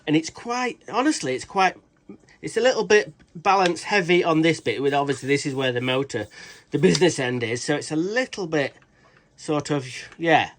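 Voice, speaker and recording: A British man with a slightly high voice reviews a tool in a casual vlog at normal speed. He rambles, swears a lot, restarts sentences, and throws in cheeky, jokey asides.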